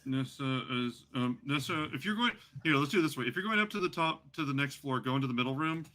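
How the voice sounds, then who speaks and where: Game master, male, rambling narration, bright tone. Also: mid-range voice, animated, fast. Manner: rambling, many fillers. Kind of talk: running a tabletop game.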